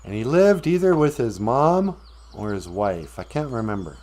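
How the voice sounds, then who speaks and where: A man's voice: mid-range voice, big pitch swings, moderate pace, darkish tone. A man hosting a live stream, retelling a fairy tale casually with rambling, joking asides. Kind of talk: casual comedic storytelling.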